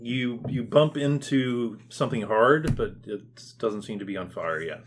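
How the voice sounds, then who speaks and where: Relaxed man running a tabletop game. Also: mid-range voice, unhurried, background noise. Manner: relaxed, hesitant with ums, bursts into loud shouts for crowd figures. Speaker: game master.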